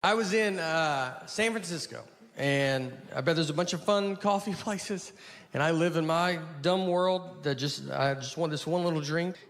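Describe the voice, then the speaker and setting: High-voiced deadpan comedian. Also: male voice, unhurried, creaky. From Tennessee, USA. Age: 40s. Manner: deadpan, understated storytelling with bemused quoted dialogue. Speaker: comedian hosting a TV sketch show. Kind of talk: stand-up comedy monologue. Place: stage of a TV studio before a live audience. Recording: noisy live studio audience laughter.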